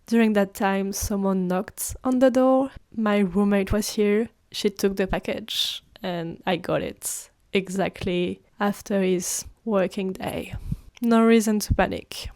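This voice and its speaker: Animated young woman podcast host. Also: mid-range voice, slow. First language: French. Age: 20s. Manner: animated, acts out her own quoted lines. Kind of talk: casual storytelling monologue.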